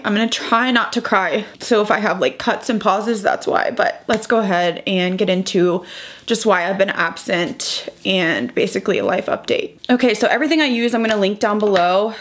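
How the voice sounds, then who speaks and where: A young woman beauty vlogger talking through a chatty get-ready-with-me, emotional and halting, close to tears. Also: mid-range voice, fairly bright tone. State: close to crying.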